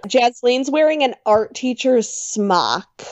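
A woman's voice: a little high, lively intonation, slow. A woman co-hosting a casual podcast chat, making blunt and wry remarks. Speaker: podcast co-host. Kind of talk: casual chat recapping a reality show.

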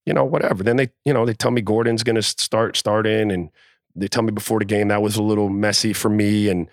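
A man telling a locker-room story in a casual podcast chat, animated and profane, acting out the quotes. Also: fairly low pitch, fast talker, no room sound, clean studio sound. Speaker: podcast co-host, former NBA player.

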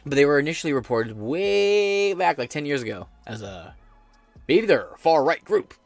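A man's voice: fairly high pitch, sing-song, normal speed, vocal fry, no echo, faint music behind. A man hosting a podcast, giving a profane, sarcastic, rambling rant of political commentary. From United States. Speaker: podcast host.

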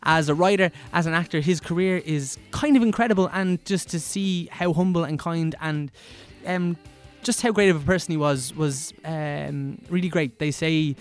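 A man in his twenties, hosting a podcast in a soft-spoken, earnest and effusive way. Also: on the high side, normal speed, few pauses, clean tone, soft background music. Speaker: podcast host. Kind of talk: casual podcast chat.

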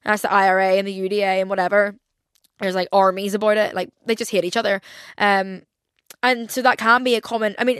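A woman in her twenties with a Northern Irish accent, chatting candidly on her own podcast. Her delivery is loose and talky, scattered with "like". The voice sits at a middle pitch and sounds dry and close to the mic. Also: a bit bright, no room sound. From Northern Ireland. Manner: chatty, candid, frequent "like" fillers. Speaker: podcast host. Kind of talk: casual solo chat.

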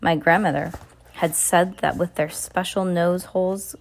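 A woman with a low voice reads a novel aloud at home-reader level, not as a polished narrator. She trips over words and starts phrases again as she goes. Now and then she breaks off to speak to someone beside her. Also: fairly even intonation, measured pace. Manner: casual amateur reading with stumbles and restarts; asides to a listener beside her.

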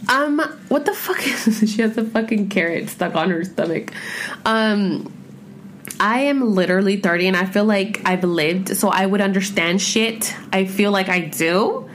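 A woman in her thirties chatting casually at home as a podcast host, rambling and expressive, with heavy swearing and filler words. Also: medium pitch, a little slow, a little hiss or hum. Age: 30s. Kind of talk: casual chat. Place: home room with pets.

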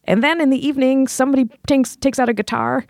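A woman's voice: high-pitched, steady tone, fast, vocal fry, darkish tone, dry recording. A woman co-hosting a casual podcast chat, telling stories in a chatty way with lots of "like". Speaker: podcast co-host.

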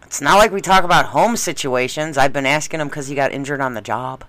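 A woman co-hosting a radio show, teasing her partner and quick to laugh. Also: extremely low pitch, a bit bright, dry recording. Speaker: radio co-host. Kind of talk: casual radio banter.

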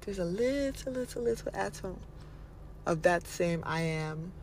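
A woman's voice: on the low side, animated, measured pace, a little mellow, slight background noise. A woman giving casual motivational advice, playful and laughing often, slipping into mocking voices and casual swearing. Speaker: vlogger giving manifestation advice.

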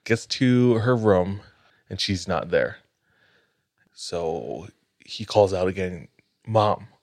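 A man with a very low voice tells a creepy story at a slow, even pace. His delivery is measured and builds suspense. The recording is dry and close. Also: dry recording. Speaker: podcast host, storyteller. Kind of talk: casual storytelling.

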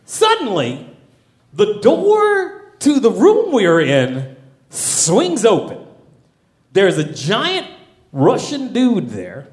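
A young man doing stand-up, telling a wild story with lots of profanity and animated delivery. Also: sits high, slow pace. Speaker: stand-up comedian.

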